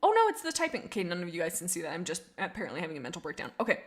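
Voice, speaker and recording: A young woman streams casually, reading out viewer comments in a bubbly, giggly ramble full of restarts and laughs. Her voice is lowish and sing-song, and she talks very fast.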